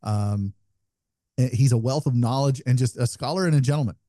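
A man co-hosting a casual podcast chat, telling stories in a swearing, animated way. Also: medium pitch, fairly quick, dry recording, clean studio sound. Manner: profane, animated storytelling. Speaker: podcast co-host.

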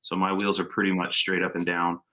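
A man with a bright, forceful voice tells car stories loosely and with plenty of swearing. He sounds animated and casual, and he jumps into little acted-out moments as he talks. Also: low-pitched, fairly quick. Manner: profane, animated storyteller. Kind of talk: casual chat.

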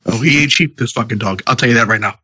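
Man, congested, bright tense voice, husky, swears a lot, ranting storyteller. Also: medium pitch, quick pace. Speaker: podcast co-host. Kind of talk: casual chat. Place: home, at night.

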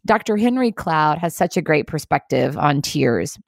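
A woman hosting a leadership video series, giving an earnest, encouraging, measured motivational talk. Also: low voice, lively intonation, creaky, dry recording, clean studio sound. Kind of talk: scripted motivational talk to camera.

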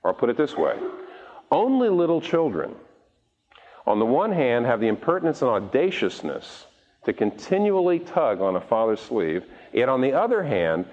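Lively preacher in an echoing hall. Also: male voice, medium pitch, normal speed. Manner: animated, acts out the voices of the people he quotes; repeats words as he restarts. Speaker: pastor. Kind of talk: sermon. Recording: dull recording with long hall reverb.

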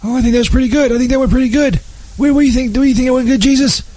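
A man's voice: very high voice, fairly even intonation, rapid-fire, mellow, no echo. A man bantering in a comedy sketch, stammering, defensive and profane.

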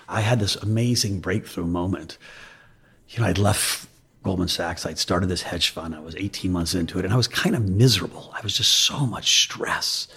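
A middle-aged man, an investment firm chief, telling candid stories in a relaxed interview with frequent restarts. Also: sits low, breathy edge. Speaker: investment firm CEO, guest. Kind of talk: conversational interview storytelling.

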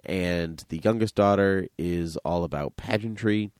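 A man hosting a casual podcast chat, playful and teasing, quick with a joke. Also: low-pitched, darkish tone, no room sound, clean studio sound. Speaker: podcast host.

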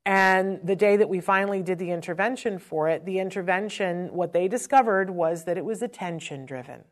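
A woman's voice: lowish voice, a little fast. Earnest woman telling a parenting story. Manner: emotional, earnest, conversational. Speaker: parent educator on autism. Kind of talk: personal storytelling talk.

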